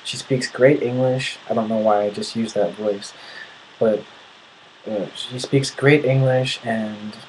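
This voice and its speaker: An indignant young man in a casual video rant. His pitch stays flat and his pitch is medium, and he often breaks off and restarts his sentences. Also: unhurried, slight background noise, low-quality recording. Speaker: vlogger.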